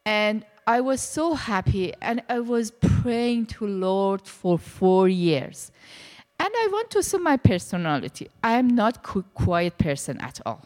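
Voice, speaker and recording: Woman telling her faith story, lively voice jumping up and down, long echoey reverb. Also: medium pitch, a little slow. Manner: animated storytelling, acting out quoted dialogue. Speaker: church member sharing testimony. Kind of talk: personal testimony.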